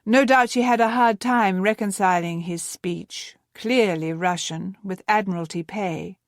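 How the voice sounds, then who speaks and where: Woman calmly narrating an audiobook, dry sound. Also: medium pitch, a little slow, no room sound. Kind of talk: scripted narration.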